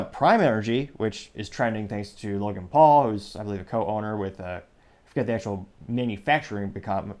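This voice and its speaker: A man's voice: fairly low pitch, a little mellow. A man from the United States hosting a casual commentary show with sarcastic, joking asides. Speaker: host.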